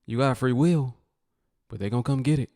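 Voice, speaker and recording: A man's voice: medium pitch, fairly quick, dark tone. A man commenting bluntly and mockingly on viral clips in a casual, laid-back way.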